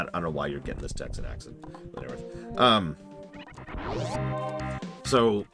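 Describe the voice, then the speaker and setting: Male streamer, very low voice, lively pitch, self-deprecating, music in background. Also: unhurried, vocal fry, long pauses. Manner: self-deprecating, animated, rambling. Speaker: streamer answering chat. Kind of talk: casual live-stream chat.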